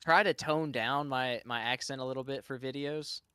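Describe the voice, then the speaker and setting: A man with a Southern Louisiana accent chats casually on a live stream. His voice sits at an ordinary pitch for a man and sounds dry and close, with no room around it. He rambles, breaking off and restarting his sentences as he talks. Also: steady tone, normal speed, bright, forceful tone, smooth, no room sound. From Louisiana, USA. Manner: rambling, stops and restarts mid-thought. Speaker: guest streamer.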